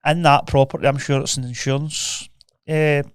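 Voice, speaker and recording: A man's voice: a little high, flat delivery, clean tone, no echo, clean studio sound. A Scottish man co-hosting a podcast in casual chat, talking informally about showing investors real numbers. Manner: quick, informal, recounting deals with investors. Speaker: podcast co-host.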